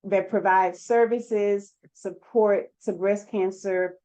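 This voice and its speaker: A woman's voice: mid-range voice, fairly even intonation, slow, mellow. A woman hosting an interview show, reflective and summing up her guest's words. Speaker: podcast host, life coach. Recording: dull lo-fi sound.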